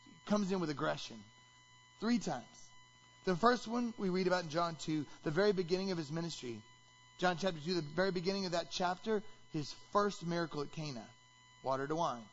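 A man preaching a sermon as pastor, animated and rising to shouts when he acts out quotes. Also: fairly high pitch, brisk, muffled recording.

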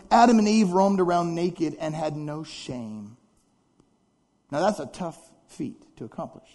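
A man's voice: high voice, darkish tone. A man preaching a sermon in a conversational, dramatic way, full of rhetorical questions. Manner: dramatic, acts out congregants' complaints. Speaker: pastor.

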